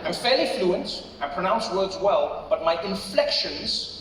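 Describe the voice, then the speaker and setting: A man's voice: high-pitched, big pitch swings, measured pace, heavy background noise. A man with a South African accent doing a stand-up set, telling a story and acting out the voices of people in it. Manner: storytelling, acts out voices, shouts punchlines. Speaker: stand-up comedian. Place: large arena on stage. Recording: echoey arena from far off, crowd laughter.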